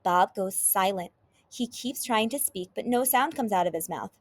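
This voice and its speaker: Woman teacher, storybook read-aloud, expressive, medium pitch. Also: normal speed. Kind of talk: reading a children's chapter book aloud.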